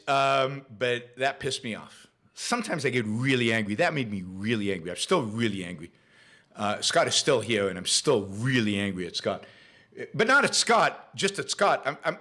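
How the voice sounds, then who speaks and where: Forceful, bright-voiced male show host. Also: medium pitch. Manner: emphatic and opinionated, repeats phrases for emphasis. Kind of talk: solo political commentary monologue.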